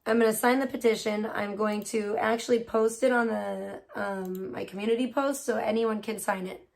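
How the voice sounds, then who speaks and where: A woman's voice: mid-range voice, normal speed, gravelly. A woman hosting a casual livestream, reading a petition aloud and reacting with feeling. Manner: emotional and expressive, swearing at her computer. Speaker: livestream host.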